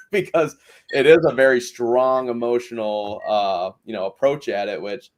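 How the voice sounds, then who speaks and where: A man's voice: medium pitch, steady tone, measured pace. A man hosting a podcast, recapping a reality show in rambling casual chat full of fillers. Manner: rambling, many fillers and restarts. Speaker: podcast host.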